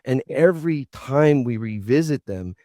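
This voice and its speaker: A man's voice: medium pitch, animated, measured pace, dark tone, no room sound, studio quality. A man hosting a talk show, asking long earnest questions and rambling with slangy asides. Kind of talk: casual interview talk.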